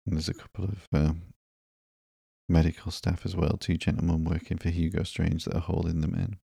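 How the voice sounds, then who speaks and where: A man hosting a podcast, reading a comic book aloud slowly and softly in a sleepy, monotone narration. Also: low-pitched, vocal fry, slightly rough, no echo, clean studio sound. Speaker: podcast host.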